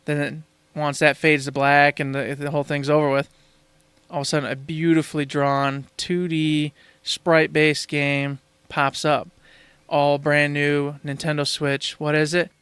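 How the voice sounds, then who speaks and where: A man co-hosting a casual gaming podcast, excitable and speculating with lots of laughs. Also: a little high, measured pace, clean tone, no echo. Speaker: podcast co-host.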